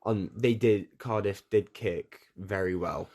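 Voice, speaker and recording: A man's voice: fairly low pitch, slow pace, a little mellow. A teenage boy, a young rugby player, chatting casually on a podcast in a laid-back way with short replies. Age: teens. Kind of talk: casual chat.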